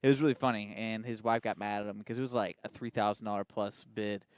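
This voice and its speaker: A man's voice: fairly low pitch, fairly even intonation, fast, clear, resonant tone, no room sound. Dry, casual male radio host. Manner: storytelling, self-deprecating. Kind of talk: casual on-air banter. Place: live remote broadcast.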